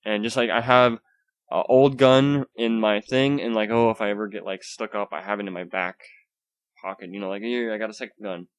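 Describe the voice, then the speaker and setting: A man's voice: on the low side, steady tone, moderate pace, clean tone. A young man hosting a solo podcast from home, rambling casually with lots of swearing, fillers and restarts, keeping his voice down. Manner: holds back his volume. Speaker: podcast host. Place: home room.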